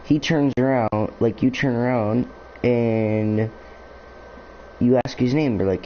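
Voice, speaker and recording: A young male YouTuber talks casually to the camera in a steady, medium-pitched voice, slow and with long pauses. He meanders and muses, loading his speech with fillers, and the dull lo-fi mic picks up faint noise.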